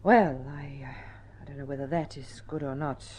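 An actress playing a sharp-tongued, fed-up wife in a vintage radio drama, sarcastic and cutting. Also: female voice, a bass voice, fairly even intonation, moderate pace, slight background noise. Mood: wistful.

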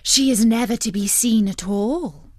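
A woman's voice: a little high, unhurried, dry recording, studio quality. A woman voicing eager townspeople in a read-aloud storybook, telling news in an earnest, telling manner. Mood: gossipy.

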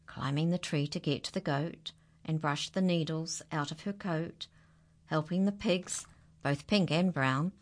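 A woman reading a rhyming children's picture book aloud, dramatic, dropping to hushed whispers and rising to high exclamations. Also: measured pace. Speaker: children's story reader.

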